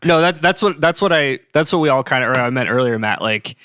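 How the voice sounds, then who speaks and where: A man co-hosting a podcast, telling a story in animated casual chat and laughing often. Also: medium pitch, fairly quick, smooth, no room sound. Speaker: podcast co-host.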